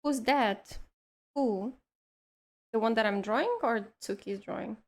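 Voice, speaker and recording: A woman's voice: a little high, a little slow. A woman streamer chatting casually while she draws, teasing her co-host and laughing often. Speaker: streamer drawing live. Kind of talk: casual chat while drawing.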